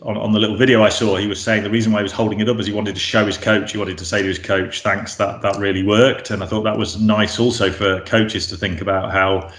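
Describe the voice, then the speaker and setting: A man's voice: on the low side, little pitch movement, fast talker, hardly any pauses, fairly bright tone. A man presenting a coaching webinar in a conversational way, full of fillers and restarts, heard over a video call. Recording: roomy echo.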